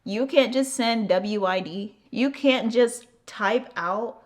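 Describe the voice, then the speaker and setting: A woman's voice: a little high, slow pace. A young American woman telling a storytime to her channel in casual, candid talk, heavy on fillers and swearing. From United States. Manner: candid, profane, lots of "like" fillers. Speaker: vlogger.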